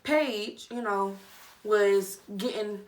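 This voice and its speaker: A young woman vlogger giving a casual, chatty review, with animated, dramatic reactions. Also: mid-range voice, extremely slow, far from the mic, slight background noise. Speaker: vlogger reviewing a reality show. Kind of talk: casual chat.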